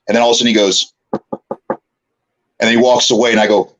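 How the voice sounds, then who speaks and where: A man's voice: mid-range voice, a little fast, poor audio. A middle-aged man, a guest on an interview show, telling a long anecdote with laughter and acted-out lines of other people. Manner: animated, laughing, acts out voices. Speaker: guest, former wrestler. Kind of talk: storytelling anecdote.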